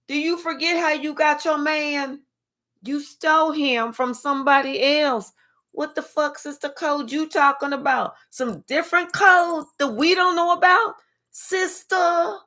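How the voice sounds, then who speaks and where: A woman voicing a brash gossiping girlfriend who brags, teases and swears loudly. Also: a little high, fairly even intonation, unhurried. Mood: mocking. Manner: sassy, loud, swearing.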